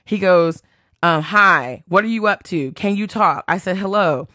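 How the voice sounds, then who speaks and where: A woman's voice: on the low side, unhurried, no room sound, clean studio sound. A woman hosting a podcast and telling a story in a chatty way. She swears freely and reads out text messages. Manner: chatty, animated retelling, quotes texts aloud, swears freely. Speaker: podcast host. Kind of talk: casual storytelling.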